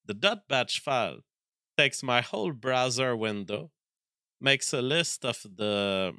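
A man with a noticeable French accent talks on a live stream in a crisp, forceful voice. He pauses and restarts often as he reads viewer messages and thinks aloud, and the sound is dry and close. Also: mid-range voice, lively intonation, no room sound. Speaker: livestream host reading viewer messages. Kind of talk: casual live-stream chat.

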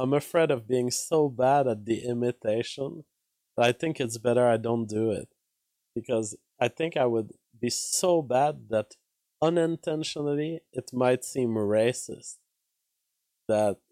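A man's voice: medium pitch, darkish tone, no room sound. A man hosting a casual news commentary show, wry and given to laughing at his own remarks. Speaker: host.

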